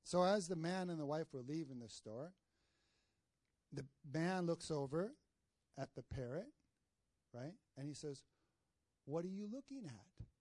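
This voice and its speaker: Delivering a sermon in a fairly high voice with a darkish tone, a man speaks a little slowly and pauses often on a dry recording. He calls out to the congregation for amens in call-and-response style. He also tells jokes and stories midway through.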